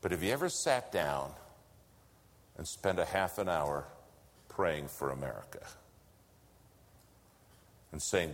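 A man preaching a sermon, telling a story and swinging between loud lines and hushed whispers. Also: extremely low pitch, lively intonation, slow, pauses often. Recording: long hall reverb.

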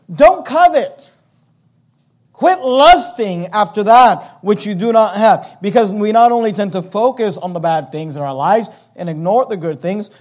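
High-voiced pastor preaching with emphasis. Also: male voice, a little mellow. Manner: emphatic preaching with rhetorical questions and frequent restarts. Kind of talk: sermon.

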